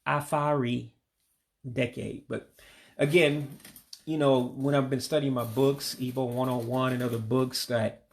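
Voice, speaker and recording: A language learner teaches vocabulary in a casual spoken lesson, his voice gravelly and creaky with a pitch in the ordinary middle for a man. He says each word slowly and patiently, then lets his voice sink for the English meaning, keeping a steady tone throughout.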